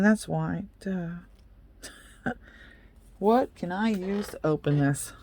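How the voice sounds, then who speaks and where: A young adult beauty vlogger chats casually during an unboxing, playful and self-mocking, and speaks straight to the products. The voice is mid-range, expressive, and unhurried, with long pauses and a bright, forceful tone.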